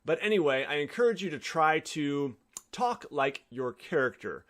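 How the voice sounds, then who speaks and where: Male video presenter, scripted tips, clear and encouraging. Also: fairly high pitch, very animated, normal speed, a bit bright. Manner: clear, advice-giving delivery. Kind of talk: scripted narration.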